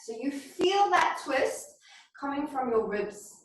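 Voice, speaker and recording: A woman teaching a beginners yoga class, calmly cueing poses and breathing, somewhat out of breath. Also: high-pitched, slow. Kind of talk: guided yoga class instruction. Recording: very echoey room, voice from far off.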